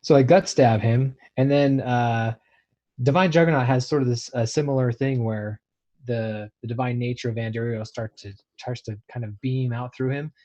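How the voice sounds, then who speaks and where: Laughing player on a muffled mic. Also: male voice, medium pitch, steady tone, moderate pace, dark tone. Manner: laughing, loose describer. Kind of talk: tabletop game play.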